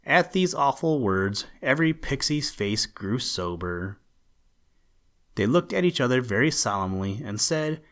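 A man reading a children's storybook aloud as narrator, gentle and measured. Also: medium pitch, sing-song.

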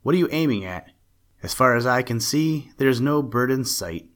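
A man voicing a naive, eager young male simpleton who calls out brightly in a storybook reading. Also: mid-range voice, expressive, moderate pace, voice pushed up, natural voice.

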